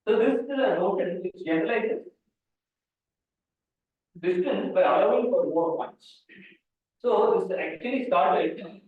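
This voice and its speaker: A high-pitched man lectures on mathematics, wandering through anecdotes and restarting his sentences. He sounds distant from the microphone, with heavy echo in a large hall. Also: expressive, measured pace, long pauses. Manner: rambling, restarts sentences, asides to students. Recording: echoey hall, far mic, phone-like band.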